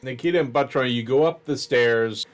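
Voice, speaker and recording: A man's voice: mid-range voice, a little fast. A man narrating a tabletop role-playing game as game master.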